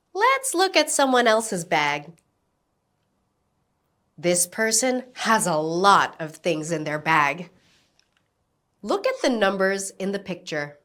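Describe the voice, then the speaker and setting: Very slow, lively English teacher woman. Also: lowish voice. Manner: slow, carefully enunciated modelling of words. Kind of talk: slow, clear classroom instruction.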